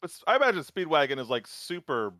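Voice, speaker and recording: Fast-talking American man, playful podcast banter. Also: on the high side, sing-song, bright, forceful tone, dry recording, clean studio sound. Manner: fast, playful asides with laughs. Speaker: podcast co-host. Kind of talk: casual chat.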